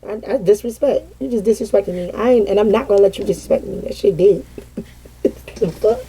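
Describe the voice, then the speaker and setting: A woman's voice: medium pitch, brisk, warm tone, slightly rough. A woman giving a casual vent session to her viewers as a tarot reader, dramatic and profane, often breaking into laughter.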